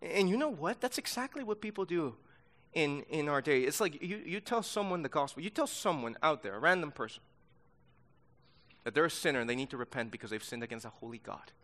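A man leads a sermon-style Bible lesson for young listeners. His voice sits a little high, and his delivery is emphatic and insistent. He repeats key words to drive each point home. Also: lively intonation, a little fast, a bit bright. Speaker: youth Bible teacher.

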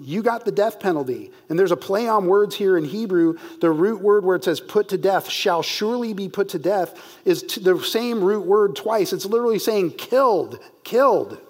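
A man with a voice that sits high works through a Bible passage verse by verse. He reads the scripture slowly, leaning on key words for emphasis.

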